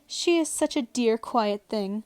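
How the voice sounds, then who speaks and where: A woman voicing a polite, anxious young girl, lifting her voice higher and louder. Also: a little slow, smooth, dry recording. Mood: eager pleading. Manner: raised, excited girlish delivery.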